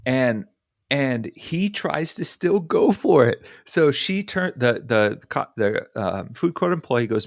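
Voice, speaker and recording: Podcast co-host, young adult man, lively storyteller who acts out quotes, dry close mic. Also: medium pitch, takes it slowly, creaky, no room sound. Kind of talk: animated storytelling in casual chat.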